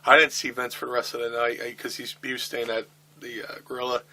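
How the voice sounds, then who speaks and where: A middle-aged man with a bright, forward voice tells a backstage story in a shoot interview. He swears constantly and acts out the other people's lines as he goes. His pitch sits right in the middle for a man. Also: fast. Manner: profane, animated storytelling with acted-out quotes. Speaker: wrestler telling a backstage story.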